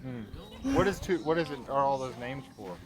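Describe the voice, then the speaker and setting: A man's voice: medium pitch, lively intonation, moderate pace. A middle-aged man on an outdoor walk, casually chatting and asking playful, teasing questions of his daughter from a little way off. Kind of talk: casual chat. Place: outdoors on a trail. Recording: outdoor recording from off-mic with crowd noise.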